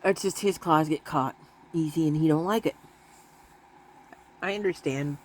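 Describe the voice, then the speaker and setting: A woman in casual vlog chat, rambling and laughing often, who switches to a high baby voice when talking to her pets. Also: normal speed, a little mellow. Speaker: vlogger.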